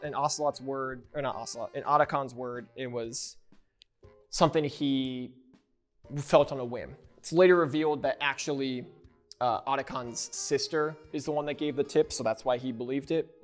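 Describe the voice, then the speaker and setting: A man's voice: medium pitch, moderate pace, soft background music. A man casually recapping video game lore, rambling and joking as he corrects himself along the way. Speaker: YouTuber.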